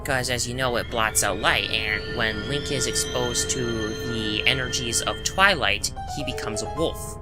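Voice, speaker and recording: A man talks through a game walkthrough in a loose, chatty way, pausing to search for words and dropping wry little asides. His voice sits at an everyday middle pitch. Game music plays clearly behind him. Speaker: gameplay commentator. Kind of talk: casual game walkthrough commentary.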